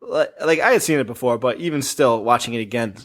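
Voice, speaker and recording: A man's voice: medium pitch, fast, fairly bright tone. A man co-hosting a podcast, discussing a horror movie in a laid-back, joking and profane way. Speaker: podcast co-host. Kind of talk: casual movie recap chat.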